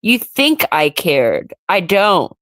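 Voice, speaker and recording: A woman's voice: lowish voice, big pitch swings, takes it slowly, a bit bright, dry recording. A woman hosting a casual solo livestream, ranting and answering her chat in an irritated way. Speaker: livestream host.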